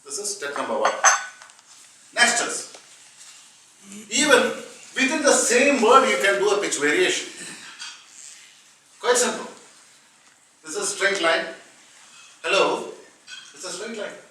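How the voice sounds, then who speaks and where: A man with an Indian English accent leads a workshop and keeps asking the room questions. His voice sits high and sounds bright. He was recorded from a distance in a very echoey room. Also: expressive, a little slow, long pauses, slight background noise. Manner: explains step by step, asks the room questions. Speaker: public speaking trainer. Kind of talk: classroom workshop lecture. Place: training room with a live audience.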